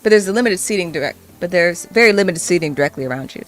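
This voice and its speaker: A woman's voice: fairly low pitch, very fast, soft background music. A woman streamer reading a dating game aloud in a playful way. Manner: playful, animated.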